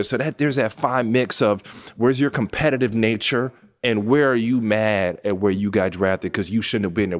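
Animated male storyteller, swinging pitch. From Southern California. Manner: animated, emphatic, rises high when excited, drops low and soft when emotional. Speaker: podcast host. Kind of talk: storytelling monologue.

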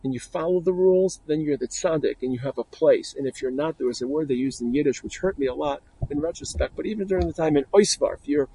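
A man's voice: fairly high pitch, fast, few pauses, mellow, a little hiss or hum, low-quality recording. A man, a rabbi, giving an earnest, reflective talk to yeshiva students with stories.

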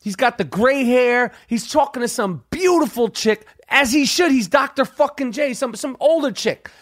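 Profane, excitable man telling a story. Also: very high voice, normal speed, no room sound, studio quality. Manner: profane, excitable, repeats himself. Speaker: podcast host. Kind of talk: casual storytelling monologue.

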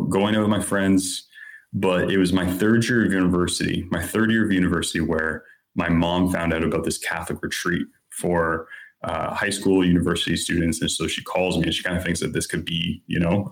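A man's voice: deep voice, fairly even intonation, normal speed. A man in his thirties, a podcast guest, telling a personal story in an earnest, candid way, with plenty of "like" and "you know".

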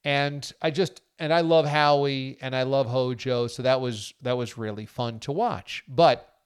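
A man's voice: medium pitch, measured pace, clean tone. A man hosting a podcast, chatting enthusiastically and casually like a sports fan. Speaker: podcast host.

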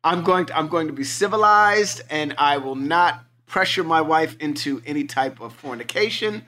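A middle-aged man co-hosting a podcast, telling stories in an excitable, animated way. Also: on the high side, normal speed. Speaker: podcast co-host. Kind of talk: casual chat.

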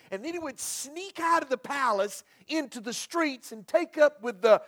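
A man's voice: very high voice, a bit bright. A male pastor preaching a sermon, telling a folksy story and often repeating and restarting his words.

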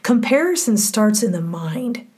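A woman with a husky, breathy voice co-hosts a faith podcast. She speaks softly and from the heart, often dropping close to a whisper at middle pitch. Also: very animated, a little slow. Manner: heartfelt, soft, drops into near-whispers. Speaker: podcast co-host. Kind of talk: casual faith podcast conversation.

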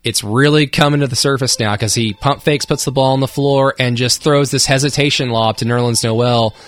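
A man's voice: medium pitch, steady tone, normal speed, fairly bright tone. A man co-hosting a sports radio show, laid-back and rambling, laughing often. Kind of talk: casual sports talk.

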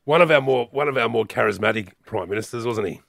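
A man's voice: mid-range voice, fast, vocal fry, a bit bright, no echo, studio quality. A man co-hosting a radio chat, laid-back with wry interjections. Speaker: radio co-host.

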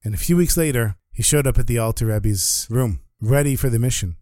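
A man tells a religious story with vivid, animated energy. His voice sits at a middle pitch. The recording is dry and close. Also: a little fast, no room sound.

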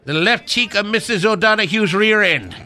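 A man's voice: sits high, moderate pace, bright, forceful tone. A man playing a battered, hapless Irish pub regular in a radio comedy skit, in a hammy stage Irish accent. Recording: studio laughter behind.

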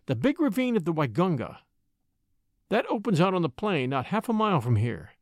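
A man voicing a young boy raised by wolves, urgent and quick to give orders in an audiobook story. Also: high voice, sing-song, darkish tone, no room sound, clean studio sound. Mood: planning.

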